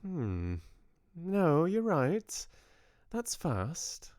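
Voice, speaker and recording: A man voicing a calm, elegant older grandmother with a soft southern drawl. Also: mid-range voice, a little slow, no room sound, clean studio sound, voice pushed up. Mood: probing.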